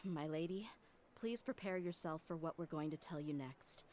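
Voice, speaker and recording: A woman's voice: deep voice, normal speed, darkish tone, a little hiss or hum, lightly acted. An actress voicing a loyal, earnest young female servant in a video game, speaking sincerely. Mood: somber.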